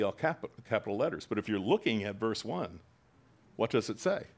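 A man preaching a sermon, reading scripture aloud with bursts of loud emphasis and casual asides to the congregation. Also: fairly low pitch, sing-song, moderate pace. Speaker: pastor.

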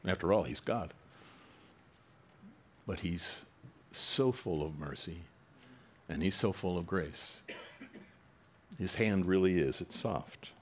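A man's voice: deep voice, slow, pauses often, a little hiss or hum. A man preaching a sermon to his congregation in a conversational way, now and then acting out quoted voices with rising animation. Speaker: pastor.

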